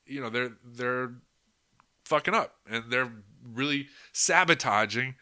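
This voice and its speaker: A man with a very bright, sharp-edged voice, delivering a loose podcast monologue. He rambles, swears often and fills his talk with "you know" and "like". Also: medium pitch, measured pace, clear, resonant tone. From United States. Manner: rambling and profane, heavy with "you know" and "like" fillers. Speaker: podcast host. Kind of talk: casual unscripted monologue.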